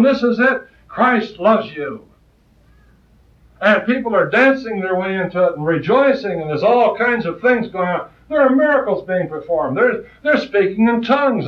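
Impassioned preacher man, roomy distant sound. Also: sits high. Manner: impassioned, swings between loud rises and soft asides. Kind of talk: sermon. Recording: distant, roomy, muffled old recording.

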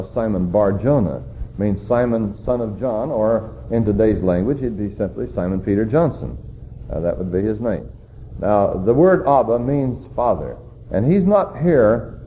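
A man preaching a sermon, teaching slowly and deliberately with many "uh" fillers and rhetorical questions to his congregation. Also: mid-range voice. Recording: dull lo-fi sermon recording with faint noise.

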